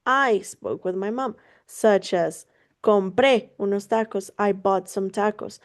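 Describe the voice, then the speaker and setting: At a measured pace and medium pitch, a woman runs an online one-on-one Spanish lesson over video. She gives casual, encouraging explanations in both English and Spanish, laughing easily and swearing offhandedly.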